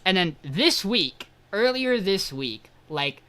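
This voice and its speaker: A man's voice: high-pitched, slow. A man co-hosting a podcast, telling a long anecdote in casual chat, laughing and swearing as he goes. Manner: animated storyteller, laughs and swears often. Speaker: podcast co-host.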